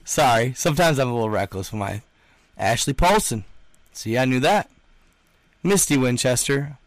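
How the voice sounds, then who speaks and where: A man's voice: mid-range voice, expressive, normal speed, dry recording. Slangy man on a livestream. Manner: emphatic, repeats himself, slangy. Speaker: livestream host. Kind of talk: casual livestream chat reading comments.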